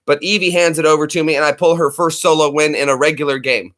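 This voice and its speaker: Excitable man telling stories, fairly high voice. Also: fast. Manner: rambling, excitable storytelling with sound effects. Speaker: channel host. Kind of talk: casual chat.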